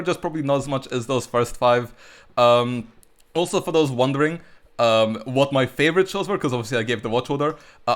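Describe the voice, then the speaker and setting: A male gaming YouTuber chats loosely through his summons, in a voice of middling pitch. He rambles with plenty of fillers and rushes of excitement. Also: clear, resonant tone. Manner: chatty and rambling, many fillers, bursts of excitement. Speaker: gacha game YouTuber. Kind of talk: casual commentary while pulling on a game banner.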